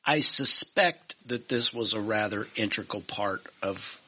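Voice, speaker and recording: A man's voice: fairly low pitch, unhurried, pushed and bright, husky. A man co-hosting a podcast, asking eager, leading questions of his guest. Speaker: podcast co-host. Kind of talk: interview questions.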